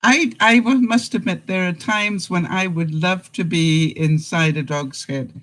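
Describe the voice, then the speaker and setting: A woman's voice: lowish voice, measured pace, fairly bright tone, low-quality recording. An older woman hosting a casual live-stream chat, talking straight to her viewers and laughing often. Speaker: vlogger host.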